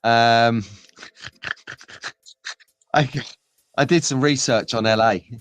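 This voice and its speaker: A man's voice: mid-range voice, fairly even intonation, drawn-out words, clear, resonant tone, dry recording, faint music behind. Jokey man with dry sound. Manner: jokey, bantering, laughs often. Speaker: live stream host. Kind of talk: casual live stream chat.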